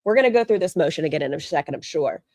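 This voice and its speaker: A woman's voice: deep voice, animated, very fast, darkish tone, no room sound, studio quality. A woman hosting a casual livestream, chatting bluntly and reading viewer comments aloud. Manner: blunt and gossipy. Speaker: livestream host.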